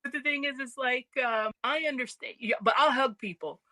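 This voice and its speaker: Bright-voiced woman telling lively stories. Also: sits high, normal speed, no echo. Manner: animated, acts out quoted voices, laughs easily. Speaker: podcast co-host. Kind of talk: casual chat, storytelling.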